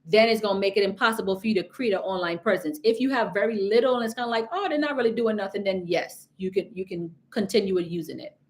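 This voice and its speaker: A woman's voice: mid-range voice, fast, few pauses. A woman hosts a live business credit Q&A. She talks directly and emphatically, hammering her points home and repeating them so they stick. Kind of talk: live stream Q&A.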